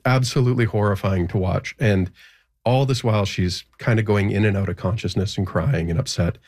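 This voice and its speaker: Young man, low voice, halting storyteller, nervous laughs. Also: darkish tone. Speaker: guest telling a personal story. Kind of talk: interview storytelling.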